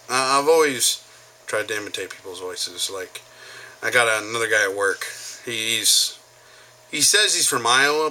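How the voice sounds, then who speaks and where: A man talking casually to camera, telling stories and slipping into impressions. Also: mid-range voice. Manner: animated, jumps between impressions. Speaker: vlogger. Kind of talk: casual storytelling monologue.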